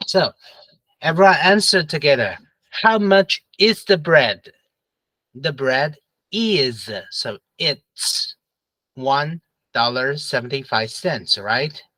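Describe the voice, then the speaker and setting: Male English teacher, slow and bright, dry close sound, patient and repetitive with the class. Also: fairly high pitch, lively intonation, dry recording, rough recording. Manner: patient, repeats questions and prompts students to answer together. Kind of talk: classroom review lesson.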